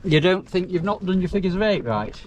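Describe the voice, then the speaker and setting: A man skippering a small sailing dinghy, giving relaxed, wry instructions to his crew. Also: high-pitched, a little fast, lo-fi sound. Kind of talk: casual on-board instructions. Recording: outdoor wind and water noise.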